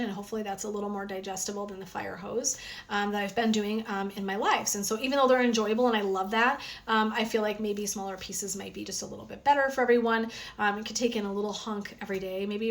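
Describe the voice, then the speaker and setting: A woman wellness coach chatting energetically on a phone live stream, with a sore throat from talking. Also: medium pitch. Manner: chatty and energetic, frequent "um" and "right?". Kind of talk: casual live stream chat.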